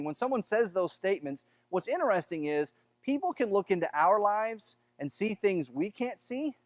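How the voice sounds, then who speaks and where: A man's voice: sits high, very animated, moderate pace, hardly any pauses, no echo. A man with a Southern American accent preaching a sermon in a conversational way, often repeating words as he talks. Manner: conversational, repeats words, acts out quoted voices. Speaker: pastor.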